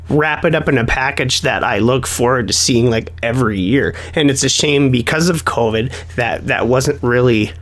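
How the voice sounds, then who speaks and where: A man from Canada hosting a casual podcast interview, easygoing and affirming in a wordy way. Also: medium pitch. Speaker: podcast host.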